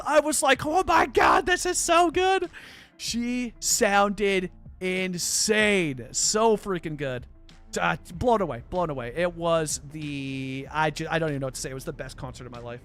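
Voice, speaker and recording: High-voiced streamer guy rambling excitedly to chat, lots of restarts, quiet music playing behind. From Canada. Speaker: live streamer. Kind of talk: casual chat with live chat viewers.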